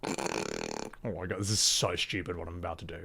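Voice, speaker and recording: A man's voice: deep voice, steady tone, a little fast, pushed and bright, slightly rough. A man in his thirties chatting casually and animatedly on a live game stream, laughing often. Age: 30s.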